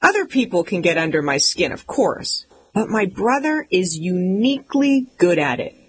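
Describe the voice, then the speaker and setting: A woman's voice: lowish voice, big pitch swings, moderate pace, slight background noise, poor audio. A woman reading a comic memoir aloud in an emphatic, mock-indignant way. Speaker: audiobook narrator. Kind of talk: scripted comic memoir narration.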